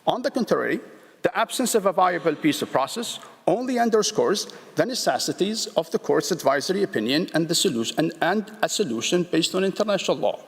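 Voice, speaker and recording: A man presenting a formal legal argument before a court, read from a prepared text, measured and deliberate with frequent restarts. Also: sits high, big pitch swings, breathy edge. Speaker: state representative pleading before an international court. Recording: long reverb of a large hall.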